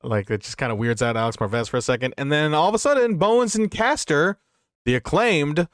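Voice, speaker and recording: A man's voice: a little high, expressive, fairly quick, fairly bright tone, clean tone, no echo, clean studio sound. A man co-hosting a wrestling review podcast, recapping matches in a rambling, profane, casual way. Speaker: podcast co-host.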